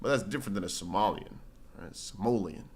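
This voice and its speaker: A man's voice: mid-range voice, lively intonation, normal speed, a bit bright. A man hosting a casual crypto livestream, rambling and slangy, reading viewer comments aloud and answering them. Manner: slangy, says bro and brother a lot.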